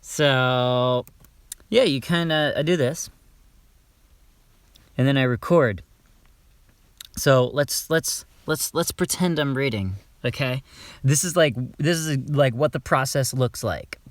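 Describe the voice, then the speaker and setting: A man's voice: mid-range voice, takes it slowly, pauses often, dry recording. A young male voiceover actor chatting casually on a livestream, laughing often and restarting his sentences.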